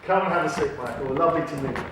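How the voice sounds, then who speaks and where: A man's voice: fairly high pitch, very fast. A man with a British accent hosting a mock talk show interview, polite and formal with some hesitation. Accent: British English. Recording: echoey room, distant mic, faint noise.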